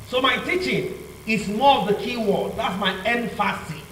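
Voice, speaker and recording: A man's voice: sits high, animated, moderate pace, a bit bright, a little hiss or hum. A male law teacher giving a revision lecture, asking the class to finish his sentences with "what?". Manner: call-and-response questioning, repeats "what?" for the class to fill in. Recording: echoey room, mic far off, faint ambience.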